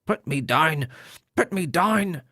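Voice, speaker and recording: A man voicing a tall, thin young male high priest who shouts angrily in a high-pitched nasal voice. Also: lively intonation, moderate pace, husky, no echo, clean studio sound, full character voice. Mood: angry shouting.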